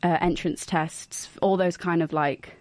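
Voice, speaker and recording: A young woman co-hosting a casual radio show, chatty and quick to laugh. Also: fairly low pitch, steady tone, a little mellow, no room sound. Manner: chatty, laughs often, uses "like" a lot. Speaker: radio co-host.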